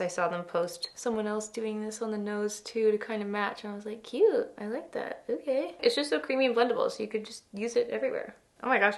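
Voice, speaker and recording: Young female beauty vlogger, gushing and chatty, with a creaky voice, talking through her makeup at home. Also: medium pitch. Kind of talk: casual makeup tutorial chat.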